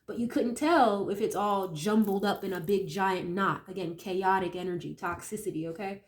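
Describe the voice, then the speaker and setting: Getting over a cold, this woman sounds nasal as she reads tarot for her viewers at a medium pitch and normal speed. Her delivery is casual and chatty, full of thinking aloud and tag questions.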